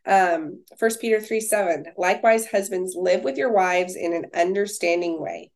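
A woman's voice: lowish voice, moderate pace, darkish tone. A young woman co-hosting a casual faith-based podcast, reading scripture verses and then chatting about them with fillers. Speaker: podcast co-host.

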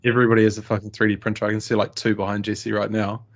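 A man's voice: on the low side, monotone, racing. A man chatting on a podcast, blunt and swearing a lot. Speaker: podcast guest. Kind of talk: casual podcast chat. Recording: dull lo-fi sound.

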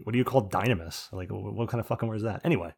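A man's voice: on the low side, racing, creaky, a little mellow, husky. A man from New Jersey co-hosting a podcast, rambling through jokey rants with plenty of swearing. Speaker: podcast co-host. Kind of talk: casual chat.

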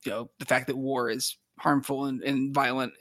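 A man's voice: mid-range voice, level tone, normal speed, a bit bright, dry recording, clean studio sound. Rambling man in casual podcast chat. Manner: rambling, many restarts and "like" fillers, laughs often. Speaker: podcast co-host.

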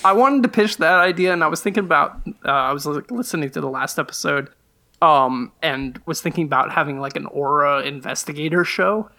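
A man's voice: a little high, fairly quick, sharp tone. A man guesting on a casual podcast chat, enthusiastic and agreeable, laughing easily.

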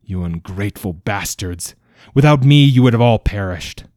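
Guy doing an old immortal desert king, proud and hurt, booming angry, dark low voice, dry close sound. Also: animated, normal speed, slightly rough, no echo. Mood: wrathful. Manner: grave, bellowing in anger.

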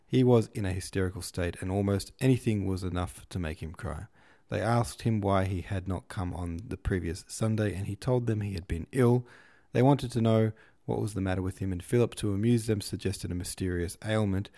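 Low, mellow male audiobook reader. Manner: measured, unhurried narration. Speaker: podcast host and audiobook reader. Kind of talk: reading a classic novel aloud.

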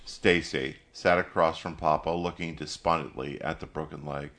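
A man narrating a story as an audiobook, measured and steady. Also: very deep voice.

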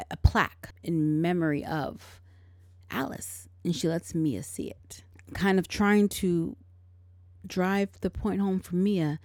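Chatty lady going through a movie plot w/ snarky side comments, bit of vocal fry, no room echo. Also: on the low side, a little mellow, clean studio sound. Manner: chatty with sarcastic asides. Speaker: podcast host. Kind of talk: casual movie recap.

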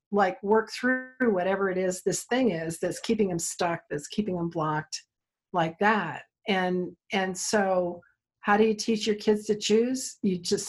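A woman therapist, a guest in an interview, telling stories lively and acting out the lines she quotes. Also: mid-range voice. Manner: animated storyteller, acts out quoted dialogue. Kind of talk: conversational interview, storytelling.

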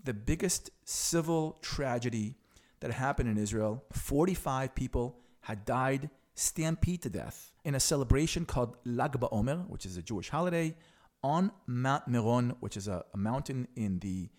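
Animated, outspoken male political commentator. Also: medium pitch, moderate pace. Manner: frank and sarcastic, explains to viewers. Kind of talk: opinionated explainer commentary.

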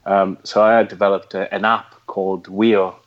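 A man with a Geordie accent talks in a low voice. He speaks reflectively, with fillers and restarts. The audio is dull and lo-fi. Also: little pitch movement, fairly quick. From North East England. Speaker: guest, former special forces veteran. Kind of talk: conversational interview.

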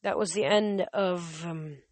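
Casual stumbling podcast reader. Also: female voice, lowish voice, slow pace, darkish tone, no echo. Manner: stumbling restarts, many fillers. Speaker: podcast host reading a book aloud. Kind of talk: casual reading and chat.

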